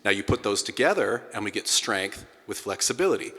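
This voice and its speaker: A middle-aged man teaching a singing class, energetic and breaking into sung sounds to demonstrate. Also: on the low side, brisk, hardly any pauses. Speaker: vocal coach. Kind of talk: singing lesson to a group. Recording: hall with long reverb.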